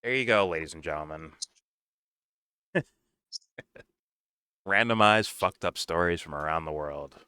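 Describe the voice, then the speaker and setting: Male co-host, blunt and profane, smooth clear voice, dry close sound. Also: low-pitched, unhurried, long pauses, sharp tone, dry recording. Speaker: podcast co-host. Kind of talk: casual political commentary.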